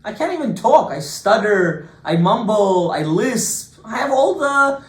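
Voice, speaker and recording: A man's voice: sits high, very animated, a little slow, pitched above the performer's own voice. A man voicing a humble male prophet who frets anxiously about his own speech, pleading and doubting himself. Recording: echoey room, distant mic, faint hiss.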